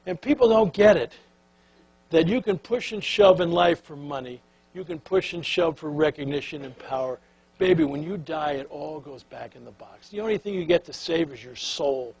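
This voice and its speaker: An older man giving a talk on leadership, telling a story in a folksy, animated way and sinking to a soft, hushed voice at the tender moments. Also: a little high, normal speed, breathy edge, poor audio. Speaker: speaker on leadership.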